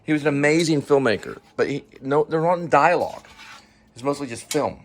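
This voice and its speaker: A man's voice: on the high side, a little fast. A middle-aged man, co-host of a home vlog, chatting casually over a meal and often losing his train of thought.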